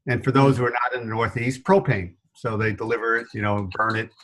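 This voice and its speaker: A middle-aged man whose faint New York accent slips through as he answers interview questions. He tells stories in a lively, self-deprecating way and laughs often, and his voice sits in a medium register. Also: mid-range voice, brisk, poor audio. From New York area. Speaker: guest consultant.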